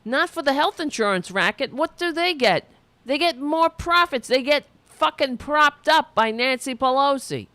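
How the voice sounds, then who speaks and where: A woman's voice: high voice, animated, moderate pace, sharp tone, no room sound. A woman hosting a political commentary show, delivering a profane, sarcastic, heated rant.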